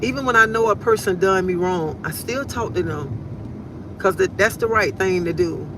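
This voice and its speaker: Outdoors with traffic noise all around, a woman streams live from her phone, giving earnest, casual inspiration and repeating her phrases. Her voice is mid-range and her speed normal.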